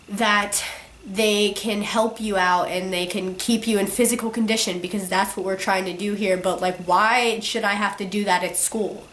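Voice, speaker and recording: A teenage girl vlogger ranting casually to camera, her sick voice cracking, filling every pause with "like". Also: medium pitch, fairly bright tone. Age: teens. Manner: ranting, constant "like" fillers. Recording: roomy echo.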